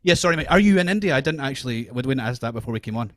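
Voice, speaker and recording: Scottish podcast co-host, stumbling and chatty, close dry sound. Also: male voice, medium pitch, animated, dry recording. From Scotland. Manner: halting, lots of fillers and restarts, laughs easily. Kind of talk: casual chat. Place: Australia, remote call.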